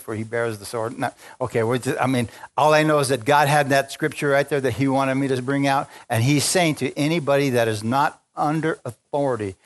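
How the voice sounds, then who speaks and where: A man preaching an unplanned sermon to a large congregation, fervent and call-and-response, reading scripture and rising to exclamations. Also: medium pitch. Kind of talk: spontaneous sermon.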